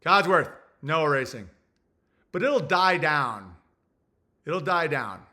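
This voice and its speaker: Young guy ranting on his stream, kinda high, crisp bright voice, crude and all over the place. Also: sing-song, slow pace. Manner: rambling, crude, thinking out loud. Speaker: livestream host reading super chats. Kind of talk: casual livestream rant.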